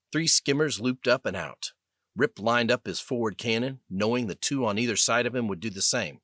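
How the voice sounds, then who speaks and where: A man narrating an audiobook with an expressive, scripted delivery. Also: medium pitch, moderate pace, dry recording, clean studio sound. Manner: expressive, lively reading.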